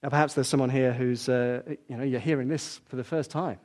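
A man's voice: medium pitch, steady tone, a little fast, a little mellow. An older man preaching a sermon in an earnest way, with repeated emphasis. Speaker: pastor.

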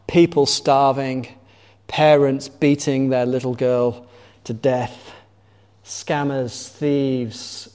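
Preacher in a reverberant hall. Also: male voice, medium pitch, mellow. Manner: conversational, asks the congregation questions. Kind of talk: sermon. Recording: long reverb of a large hall.

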